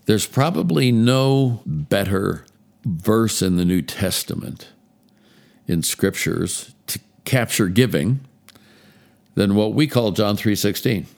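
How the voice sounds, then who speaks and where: A man preaching a Christmas Eve sermon, telling a story in a slow, measured way with dramatic pauses. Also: on the low side, lively intonation, gravelly, darkish tone. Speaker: pastor.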